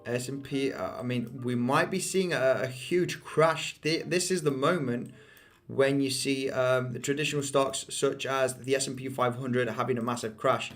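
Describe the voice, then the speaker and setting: Man, livestream trading host, excitable restarts, mid pitch, faint music behind. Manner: fast, restarting, hype-driven talk with viewer asides. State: out of breath. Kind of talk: live chart analysis with chat.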